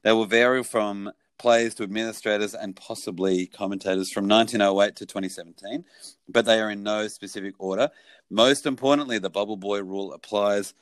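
A man's voice: on the low side, steady tone, brisk, no echo. A man hosting a casual podcast chat, wry and joking. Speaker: podcast host.

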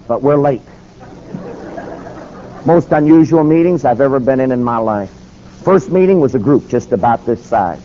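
A man telling a personal story to an audience in an animated sermon style. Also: mid-range voice, moderate pace, pauses often. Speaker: speaker. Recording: dull lo-fi recording with faint hiss.

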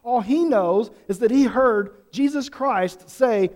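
A man's voice: high voice, lively intonation, unhurried, hardly any pauses, a little mellow. A pastor preaching an earnest sermon to his congregation, pressing them with repeated questions. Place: church sanctuary. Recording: long hall reverb.

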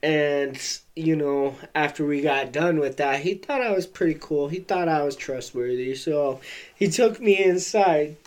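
A man's voice: on the high side, unhurried. A man hosting a podcast, telling a rambling, profane story and laughing as he goes. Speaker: podcast host. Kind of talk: casual storytelling.

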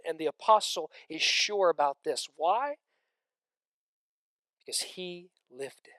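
A man preaching a sermon, swinging between loud emphatic stretches and hushed near-whispers, with conversational asides to the congregation. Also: fairly high pitch, lively intonation, takes it slowly, long pauses, no echo.

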